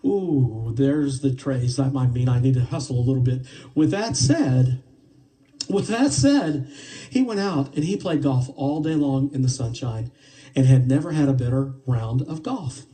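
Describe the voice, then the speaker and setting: Man telling a parable, mellow and distant. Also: mid-range voice, normal speed. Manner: animated, playful delivery with asides to the audience. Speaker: storyteller. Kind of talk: live spoken parable.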